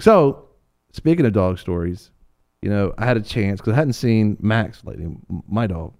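A middle-aged man co-hosting a casual chat, telling an animated story with laughter and little voices for the people in it. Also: lowish voice, normal speed, creaky. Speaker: co-host.

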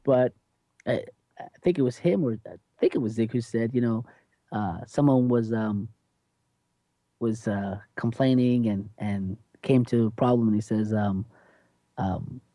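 A man's voice: medium pitch, measured pace, pauses often, dark tone, dry recording. A man hosting a podcast, chatting casually and enthusiastically, rambling a bit with restarts. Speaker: podcast host. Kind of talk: casual chat.

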